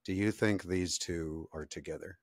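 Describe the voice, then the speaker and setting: This podcast co-host has a low voice with fairly even intonation, speaking at normal speed in a clean, echo-free studio recording. Relaxed and chatty, he keeps asking questions and laughs a lot.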